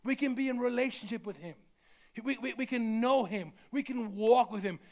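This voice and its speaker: A man's voice: very high voice, moderate pace, a little mellow. A man preaches a sermon. He talks in a loose, conversational way, doubling back on his words and stacking phrase after phrase for emphasis. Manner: conversational, repeats words, builds with rising emphasis. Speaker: pastor.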